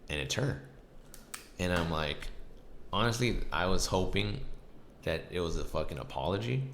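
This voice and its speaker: A man's voice: deep voice, animated, moderate pace, a bit bright. A man hosting a podcast, telling a story casually, rambling and swearing with lots of fillers. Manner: rambling, profane, many fillers. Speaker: podcast host. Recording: echoey room with faint noise.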